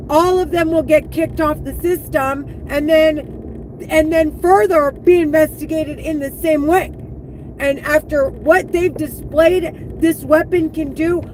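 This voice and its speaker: A woman live streaming an angry, profane monologue, heated and full of halting restarts. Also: high voice, a little mellow, slight background noise, rough recording.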